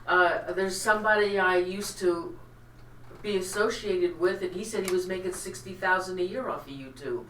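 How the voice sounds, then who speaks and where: A woman's voice: lowish voice, moderate pace, a bit bright, a little hiss or hum. Hesitant woman co-host, distant from the mic in an echoey room. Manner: hesitant, stammering. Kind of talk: casual chat.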